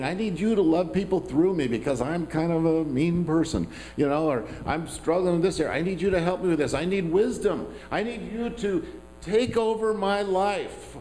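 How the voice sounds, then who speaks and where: A man's voice: on the high side, dark tone, slight background noise, poor audio. A man preaching a sermon as pastor, talking in a conversational, self-deprecating way with asides to the congregation.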